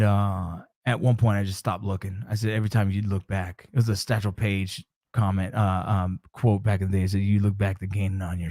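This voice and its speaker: Profane, animated storytelling man. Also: lowish voice, no room sound, clean studio sound. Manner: animated, profane, acts out his own reactions. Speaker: show host. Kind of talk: casual storytelling to camera.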